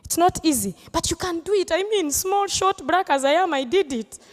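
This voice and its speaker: A woman's voice: extremely high pitch, expressive, moderate pace, big-room sound. A Ugandan woman comedian answering audience questions on stage, playful and teasing, laughing often. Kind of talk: live Q&A on stage.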